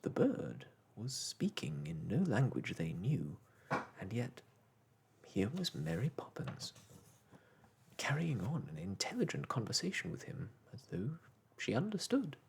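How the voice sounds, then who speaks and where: A man narrating a children's storybook aloud in a gentle, unhurried bedtime-story manner. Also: lowish voice, huge pitch swings, creaky, a little hiss or hum.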